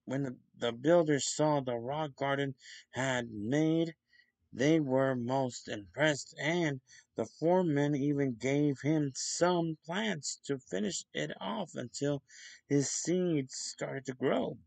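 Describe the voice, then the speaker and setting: Slow, gravelly man reading a children's story. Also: fairly high pitch, darkish tone, no echo. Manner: slow and deliberate, occasional slips. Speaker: storybook reader.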